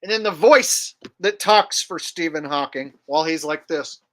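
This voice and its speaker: A man's voice: a little high, moderate pace, a bit bright. A man hosting a livestream in casual chat, crude and rambling as he jokes around. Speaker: livestream host.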